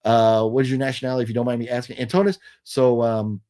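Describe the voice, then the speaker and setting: A man's voice: mid-range voice, flat delivery, fast talker, dark tone. A young American man hosting a casual live stream, talking loosely with lots of fillers and restarts while he reads and answers viewer comments. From United States. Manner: rambling, many fillers and restarts, friendly. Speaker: livestream host. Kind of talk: casual live chat reading super chats.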